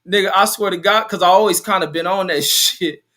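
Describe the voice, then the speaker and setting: A man's voice: high-pitched, fairly quick, sharp tone. A man from Los Angeles hosting a podcast in casual chat, swearing and loose in his talk. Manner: profane, loose and laughing. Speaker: podcast host.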